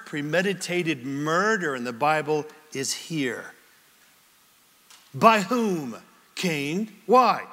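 A man preaching a sermon as pastor, with an animated, dramatic delivery and many questions put to the congregation. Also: fairly high pitch, big-room sound. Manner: asks the congregation rhetorical questions.

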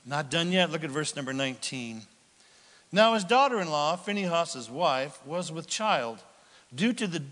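A male pastor preaching a sermon, swinging from loud outbursts to near whispers. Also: on the high side. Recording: long hall reverb.

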